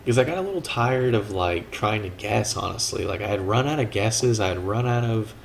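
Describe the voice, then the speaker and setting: A man's voice: lowish voice, animated, fairly quick, gravelly, slight background noise, poor audio. A man co-hosting a casual movie review chat, rambling and acting out film lines in silly voices. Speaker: podcast co-host.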